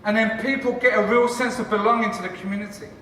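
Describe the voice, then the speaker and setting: A man, a church leader and cafe founder, giving a lively conference talk with jokes for the audience. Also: high voice, fast, slight background noise. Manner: enthusiastic, joking, chatty with the audience. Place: large conference hall. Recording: echoey hall from far off.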